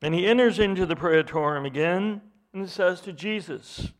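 A man's voice: high-pitched, moderate pace. A man preaching a sermon, retelling a scripture passage with quoted dialogue and frequent restarts.

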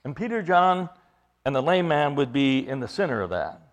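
A man's voice: fairly high pitch, big pitch swings, normal speed. A man preaching an expository sermon, emphatic, repeating phrases for stress and putting questions to his listeners.

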